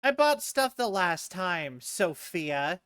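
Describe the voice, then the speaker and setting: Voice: mid-range voice, sing-song, slow, fairly bright tone, smooth, dry recording, studio quality. A streamer chatting casually and rambling while playing a game at a home setup. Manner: rambling, joking aside-talk. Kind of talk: casual gameplay chat.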